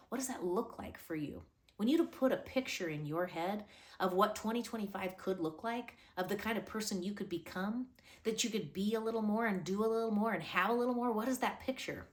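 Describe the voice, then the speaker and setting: A woman with a fairly low voice gives a motivational talk straight to her viewers. She coaches in an earnest way and keeps asking rhetorical questions to push them to reflect. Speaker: motivational host.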